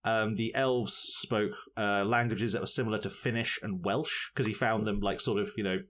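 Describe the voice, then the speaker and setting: A man co-hosts a casual podcast, chatting loosely, laughing often and slipping into goofy put-on accents. His voice is on the low side and a bit bright, with fairly even intonation at a moderate pace.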